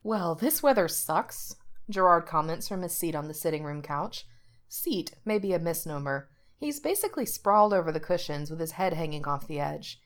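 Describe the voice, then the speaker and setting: A woman's voice: low-pitched, animated, fairly quick. A woman reading a story aloud as narrator, shifting her voice slightly for the characters' lines. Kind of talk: audiobook reading of fiction.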